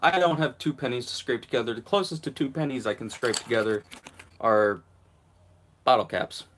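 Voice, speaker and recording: A man's voice: medium pitch, lively intonation, fairly quick, a bit bright. A young man hosting his own live stream, chatting casually and rambling with self-mocking asides, talking around a guitar pick held in his mouth. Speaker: channel host.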